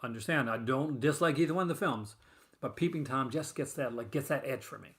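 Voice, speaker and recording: Brisk and fairly bright, this man's mid-range voice carries a casual live-stream chat about horror film collecting. As host, he rambles with viewers, piling up fillers and restarting sentences.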